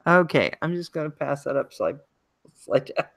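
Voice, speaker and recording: A woman's voice: low-pitched, lively intonation, moderate pace, creaky, dry recording. A woman livestream host with a Maryland accent, chatting casually, reading viewer comments and greeting people by name.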